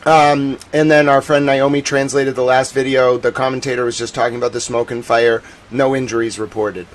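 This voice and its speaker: A man with a Boston accent hosting a casual live stream about war footage, chatting with viewers and turning soft and earnest on serious points. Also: medium pitch, little pitch movement, fairly quick, poor audio. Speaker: live-stream news host.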